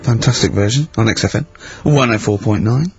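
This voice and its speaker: A man's voice: on the low side, a little fast, soft background music. Giggly crude guy hosting radio, teasing, muffled lo-fi sound. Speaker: radio host. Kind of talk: casual radio banter. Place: radio studio. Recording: dull lo-fi radio broadcast.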